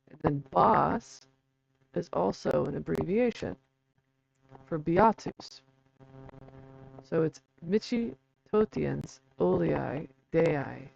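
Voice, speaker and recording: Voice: medium pitch, creaky, a little mellow, dull audio, slight background noise. A video host in a casual explainer who reads passages aloud, spells words out letter by letter, and makes chatty, self-deprecating asides. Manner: chatty, self-deprecating, chuckles between points.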